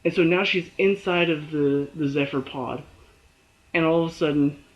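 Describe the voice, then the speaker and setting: A man with a fairly high voice talks through a TV episode on his own, lively and quick to act out what the characters say. The recording is dull and lo-fi. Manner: animated, acts out characters' lines and his own reactions. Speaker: TV show reviewer. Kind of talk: casual solo review.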